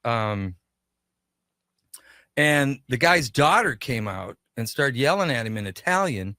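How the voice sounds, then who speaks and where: A man's voice: medium pitch, slow pace, no echo, studio quality. A man, a shop owner and guest on a radio show, telling a story in a casual interview and acting out the voices of the people in it. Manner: animated, acts out quoted dialogue.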